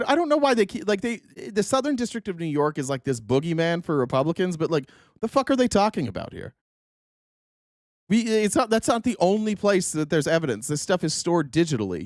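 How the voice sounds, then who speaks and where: A man's voice: a little high, no echo, clean studio sound. Sarcastic man hosting a talk show. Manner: sarcastic, profane, quick asides. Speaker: host. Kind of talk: casual political commentary show.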